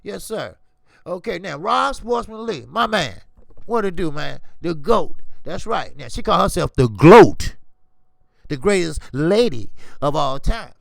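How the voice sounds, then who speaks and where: A man's voice: high voice, measured pace, vocal fry, dry recording, clean studio sound. A man hosting a boxing livestream, talking casually and emotionally with lots of swearing. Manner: animated, swearing, emotional storytelling.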